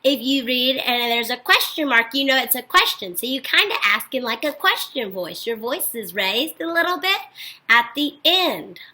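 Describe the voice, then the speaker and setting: A woman teacher giving a recorded phonics lesson to young children, speaking slowly and clearly and praising them often. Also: high voice, lively intonation, sharp tone, poor audio.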